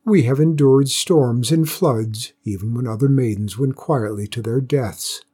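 Man as calm young heroine in a storybook, low husky read, steady and determined. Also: a little slow. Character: brave young village maiden healer, calm and determined.

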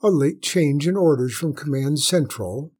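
A man narrating a story in a measured, dramatic storytelling manner. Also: medium pitch, a little mellow, breathy edge. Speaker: audiobook narrator.

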